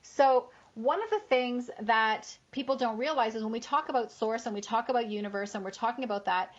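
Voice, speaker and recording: A woman's voice: fairly high pitch, a little fast. A woman hosting a spiritual radio talk show, chatting casually and explaining ideas with lists of opposites and frequent "right?" checks. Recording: dull lo-fi radio audio.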